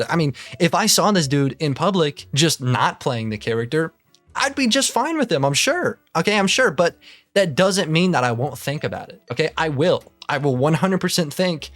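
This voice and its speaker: A man's voice: on the high side, a bit bright, dry recording. A man doing casual reaction commentary, ranting in disbelief and swearing constantly. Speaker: commentary youtuber.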